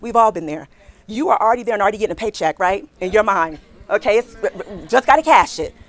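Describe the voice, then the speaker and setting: A middle-aged woman recruiter leads a career workshop in quick, animated bursts. She chats with her audience and keeps throwing questions back at them. Her voice sits at an ordinary middle pitch. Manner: fast-talking, animated, chatty, asks the audience questions. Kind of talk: lively workshop talk to an audience.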